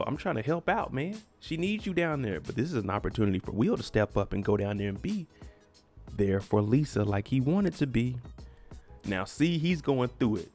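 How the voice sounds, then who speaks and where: Man, casual TV recap, slangy, opinionated, mid-pitched voice, faint music behind. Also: a little mellow. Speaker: TV recap vlogger.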